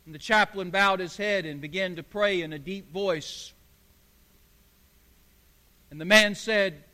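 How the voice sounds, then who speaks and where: A man's voice: high voice, measured pace, pauses often, bright, forceful tone, in a large hall. A man preaching a sermon as pastor, emphatic and building phrase on repeated phrase.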